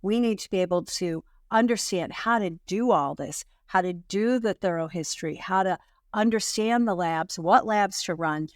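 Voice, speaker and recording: A woman's voice: lowish voice, moderate pace, no echo, studio quality. A woman hosting a health interview, agreeing with her guest and then speaking earnestly. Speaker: host. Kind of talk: casual interview talk.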